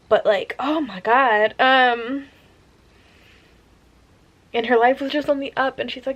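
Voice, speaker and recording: A woman's voice: a little high, steady tone, normal speed, pauses often, fairly bright tone, muffled recording. A young woman chatting casually about a book she is reading, gushing and rambling, sometimes dropping to a whisper. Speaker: reading vlogger.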